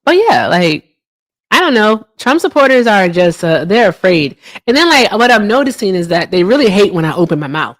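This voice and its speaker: A woman hosting a political call-in livestream, chatting casually and reading viewers' comments aloud, with teasing jumps up into a high voice. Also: big pitch swings, moderate pace. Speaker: livestream host.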